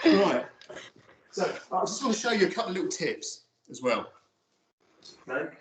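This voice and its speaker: Give me a chatty photography lecturer, recorded from across an echoey studio. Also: male voice, sits high, sing-song, normal speed, pauses often. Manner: chatty and rambling, many fillers. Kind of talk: casual studio demonstration to students. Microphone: phone camera from across the room. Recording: roomy, distant, dull audio with faint noise.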